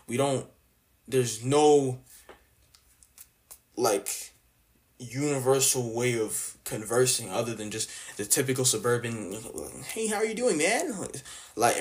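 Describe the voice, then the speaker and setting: Young adult man from Canada, blunt slang-heavy vlog rant with a mocking edge. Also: mid-range voice. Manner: slangy, blunt, mocking, lots of filler words. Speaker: vlogger. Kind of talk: casual opinion rant.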